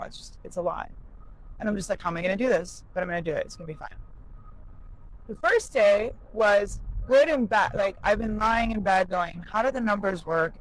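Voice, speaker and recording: A woman's voice: mid-range voice, low-quality recording. A woman talking candidly in a vlog, emotional and rambling, about her experiences as a new business owner.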